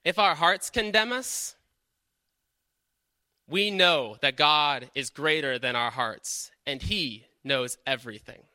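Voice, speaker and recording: A man's voice: a little high, takes it slowly, bright, forceful tone, clean tone, no room sound, studio quality. A man preaching a sermon in an earnest, questioning way, often checking in with "right?".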